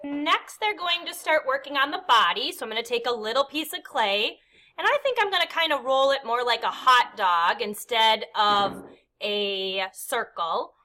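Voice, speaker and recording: A woman teaching a kindergarten clay lesson, with a high voice that sits above most women's. Her tone is bright and clear as she explains each step patiently and counts along with the actions. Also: animated, moderate pace. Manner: patient, step-by-step, counts aloud and makes meow sounds. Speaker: art teacher. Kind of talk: instructional demonstration.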